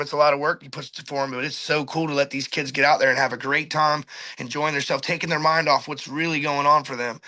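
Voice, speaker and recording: High, fast-talking excited man. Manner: animated, restarts often, acts out his own quotes. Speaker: charter boat captain telling a fishing story. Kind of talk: excited casual storytelling.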